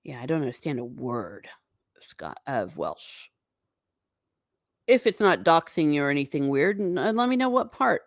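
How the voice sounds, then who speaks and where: Woman, livestream host, casual rambling chat, lowish voice, dry close sound. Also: sing-song, no echo. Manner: chatty, wandering, quick asides to herself.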